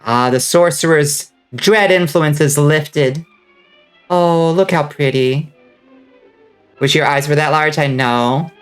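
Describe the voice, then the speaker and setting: A woman's voice: deep voice, takes it slowly, soft background music. A woman streamer chatting casually with her viewers, joking, laughing often and answering chat. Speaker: vtuber streamer.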